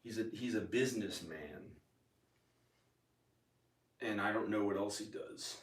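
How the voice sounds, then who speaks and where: A man with a lowish voice rambles through a casual vlog, circling back and repeating his own lines. The sound is roomy and echoey, and he sits a little away from the microphone. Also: measured pace, recorded from a distance, a little hiss or hum. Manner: meandering, repeats himself, many fillers and restarts. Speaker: vlogger.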